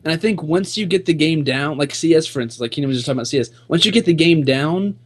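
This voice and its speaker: A man's voice: fairly high pitch, quick pace. A young man talking on a stream panel, rambling, with lots of "like" and "you know". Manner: rambling, heavy use of 'like' and 'you know'. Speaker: panel guest. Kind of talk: casual stream chat.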